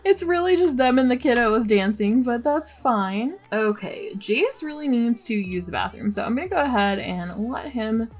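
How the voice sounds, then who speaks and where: A woman's voice: a little high, expressive, moderate pace, few pauses. A young woman hosting a let's play, chatting casually and giggling as she reacts to the game with dismay. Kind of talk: casual gameplay commentary.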